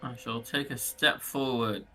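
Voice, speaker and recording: Player, male, bright tense voice, chatty, works out rules aloud. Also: mid-range voice, steady tone, measured pace. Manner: chatty, thinks out loud about rules. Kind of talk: casual tabletop play.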